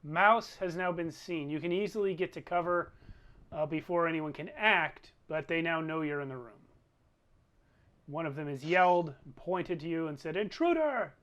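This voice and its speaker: A man running a tabletop game as game master, thinking aloud over the rules in an unhurried way. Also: fairly high pitch, fairly even intonation, a bit bright.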